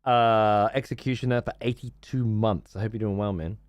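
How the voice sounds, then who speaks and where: A man's voice: fairly low pitch, fairly even intonation, normal speed, no echo. An Australian man streaming a game, swearing freely and ranting in exasperation while he chats to viewers. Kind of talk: casual gaming stream commentary.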